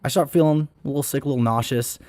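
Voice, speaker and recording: A man's voice: mid-range voice, quick pace, a little mellow, dry recording. A young man on a podcast, telling a long, rambling, self-deprecating story in a casual way, often mimicking other people. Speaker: podcast guest.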